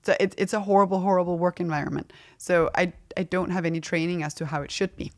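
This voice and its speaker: A woman's voice: fairly low pitch, steady tone, fast. A middle-aged woman speaking frankly and casually as an interview guest, laughing often as she talks. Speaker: fashion brand founder, guest.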